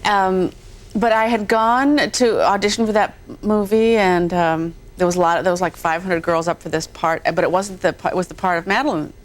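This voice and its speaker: Rambling, chatty actress with lowish voice. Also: female voice, fairly even intonation, moderate pace, a little hiss or hum. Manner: chatty, rambling anecdotes with self-deprecating laughs. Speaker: guest actress. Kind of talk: talk show interview.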